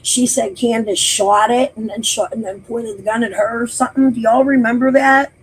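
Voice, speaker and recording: A woman's voice: on the high side, fairly even intonation, normal speed, breathy edge, low-quality recording. A woman hosting a casual livestream, talking bluntly and profanely straight to her chat. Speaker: livestream host.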